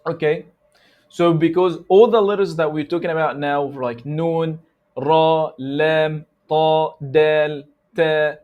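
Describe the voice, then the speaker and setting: A man's voice: a little high, highs cut off. Egyptian man teaching recitation sounds. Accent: Egyptian Arabic. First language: Arabic. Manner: repeats sounds slowly to demonstrate them; loose, conversational English with restarts. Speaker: tajweed teacher. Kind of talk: instructional lesson.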